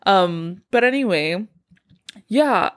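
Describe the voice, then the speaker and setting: A woman's voice: mid-range voice, expressive, slow. Rambling young woman podcaster, tired. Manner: rambling, filler-heavy, self-deprecating. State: tired and out of breath. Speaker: podcast host. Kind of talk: casual solo podcast chat.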